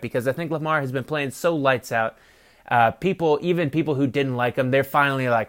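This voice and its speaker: A man's voice: medium pitch, fast talker, a bit bright. A man hosting a sports podcast, rambling casually and swearing freely while he gives his opinions, recorded on a phone. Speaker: podcast host.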